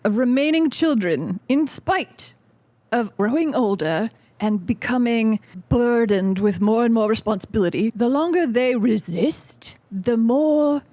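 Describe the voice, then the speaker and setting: A woman's voice: fairly high pitch, animated, measured pace, mellow, no room sound. A woman voicing a giant chittering lobster guest who lectures earnestly about a book. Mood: lecturing. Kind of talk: podcast book discussion.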